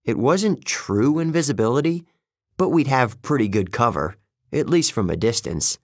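A man narrating a first-person story in a measured, steady way, recorded close to the mic. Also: mid-range voice, dry recording. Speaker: audiobook narrator.

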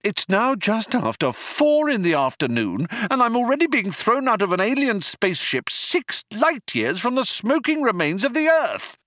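A man's voice: a little high, big pitch swings, measured pace, sharp tone, no room sound, studio quality, voice pushed up, heavily acted. A man voicing a flustered, anxious young man who sounds indignant and nervous. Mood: exasperated.

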